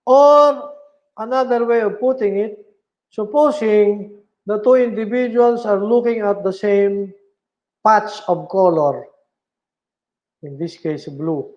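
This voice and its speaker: A man lectures on philosophy at a slow, careful pace, repeating each term and checking in with his listeners. His voice sits high for a man. The recording is dull and lo-fi. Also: a little mellow. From Philippines. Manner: slow and deliberate, repeating key terms and checking with "all right?". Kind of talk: online lecture.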